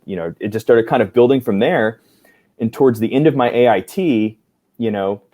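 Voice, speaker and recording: Mellow low-voiced man telling army stories. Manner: animated, acts out quoted dialogue, many fillers. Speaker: podcast guest, army aviator. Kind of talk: casual storytelling interview.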